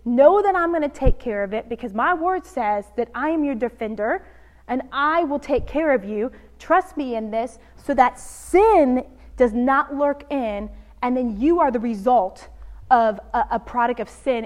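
A woman giving conversational Bible teaching, animated and expressive, speaking straight to her listeners. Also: high voice.

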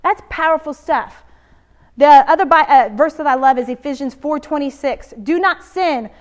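A woman with a high voice teaches from the Bible in a relaxed, conversational way. She is animated and expressive and speaks straight to her listeners. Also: moderate pace.

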